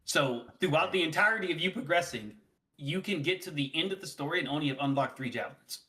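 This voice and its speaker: A man co-hosting a gaming podcast, talking casually in an animated, rambling way and laughing often. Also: a little high, quick pace. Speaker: podcast co-host.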